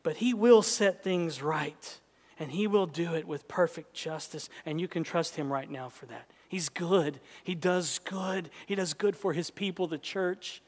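A male preacher delivering an impassioned sermon, swinging from loud urgency to hushed intensity. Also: on the high side, a little slow, in a large hall.

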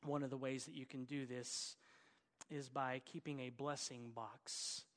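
A man's voice: medium pitch, little pitch movement, unhurried, fairly bright tone, in a large hall. A middle-aged man from Oklahoma with an Oklahoma accent, preaching a sermon in an earnest, exhorting way with folksy asides. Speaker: pastor.

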